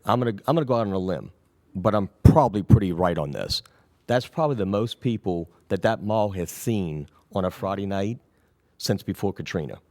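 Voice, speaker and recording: A man who is recovering from an illness, answering questions at a city council meeting in a rambling, reassuring way that often trails off quietly. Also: sits low, animated, fairly quick, no room sound, clean studio sound. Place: council chamber.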